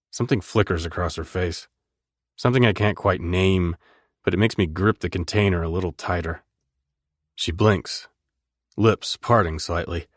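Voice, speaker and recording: Male audiobook narrator, deep voice, intimate and measured, dry booth sound. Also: no room sound. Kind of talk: first-person romance narration.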